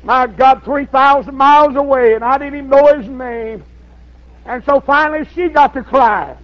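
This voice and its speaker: An older man, a pastor telling a folksy story in a sermon and rising to shouts. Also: extremely high pitch, moderate pace. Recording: dull lo-fi sermon recording.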